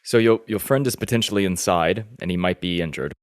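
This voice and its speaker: A man's voice: low voice, brisk. A man playing a tabletop game, making dry, wry remarks. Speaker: player.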